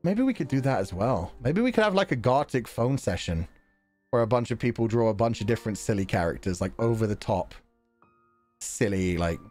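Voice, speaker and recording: A man streaming live, reading out viewer donations and chatting in an animated, rambling way, often breaking into laughter. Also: lowish voice, a little fast, faint music behind.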